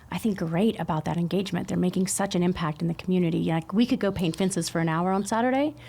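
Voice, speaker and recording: A middle-aged woman who is a podcast guest, speaking in a warm, affirming way and explaining her points clearly in a podcast room. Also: fairly low pitch. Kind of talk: casual podcast conversation.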